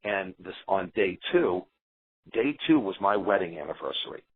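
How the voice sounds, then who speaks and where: A man's voice: low-pitched, normal speed, slightly rough, no room sound. A man, an eliminated contestant, telling his side in a heated interview and acting out what others said. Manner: animated, defensive storyteller acting out quotes. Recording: tinny phone line.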